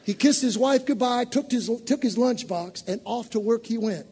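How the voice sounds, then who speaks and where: A man preacher giving an animated, conversational sermon to a congregation in church. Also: very high-pitched, moderate pace, a little hiss or hum.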